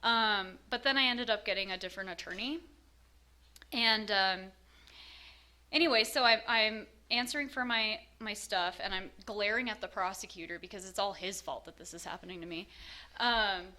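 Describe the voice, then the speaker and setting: Woman with a crisp bright voice, frank and self-mocking, telling her story with lots of ums and likes. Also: mid-range voice, moderate pace. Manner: frank and self-mocking, many fillers and laughs. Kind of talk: candid personal storytelling.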